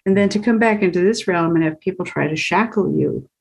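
A woman's voice: fairly low pitch, fairly quick, vocal fry, husky, poor audio. A woman guest on an interview, earnestly recounting a personal experience and laughing often as she talks. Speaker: guest, author of a book. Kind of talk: casual interview storytelling.

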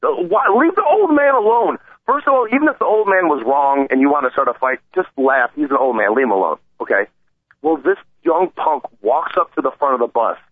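Man, talk radio co-host, animated ranter, dry tinny phone-line audio. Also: mid-range voice, brisk, no room sound. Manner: heated, animated storytelling. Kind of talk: sports talk radio chat.

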